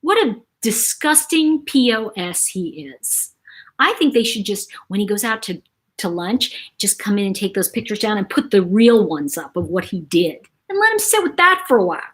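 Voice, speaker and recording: Chatty, breathy woman host. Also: mid-range voice, moderate pace. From New York City. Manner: chatty, animated, reads viewer comments aloud. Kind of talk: casual live-stream chat.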